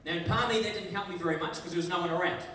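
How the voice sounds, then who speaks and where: A man's voice: high voice, racing, bright, forceful tone, slight background noise. A man with a New Zealand accent giving a school worship talk as guest speaker, chatty and acting out little scenes in voices. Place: large school hall. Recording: echoey hall from far off.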